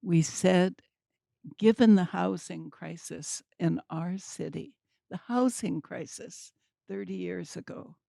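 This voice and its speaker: Older woman, low gravelly voice, mellow tone, unhurried wry storytelling, dry close sound. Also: no room sound. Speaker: speaker at a community talk. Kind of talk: storytelling talk.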